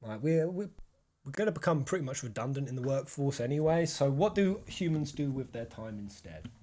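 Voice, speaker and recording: A man's voice: medium pitch, lively intonation, fairly quick, dark tone. A young man hosting a live stream, ranting in casual chat and swearing freely. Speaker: stream host.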